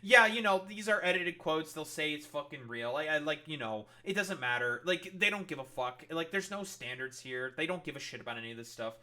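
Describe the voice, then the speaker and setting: A man's voice: on the high side, animated, a little fast, few pauses, pushed and bright. A man giving heated, swear-filled commentary as a streamer reacting to a debate, sarcastic and blunt. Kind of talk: profane ranting commentary.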